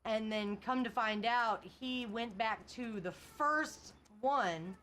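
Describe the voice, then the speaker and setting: A woman's voice: a little high, takes it slowly, fairly bright tone, a little hiss or hum. A young woman chatting casually on a livestream, laughing often and reading chat aloud. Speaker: streamer.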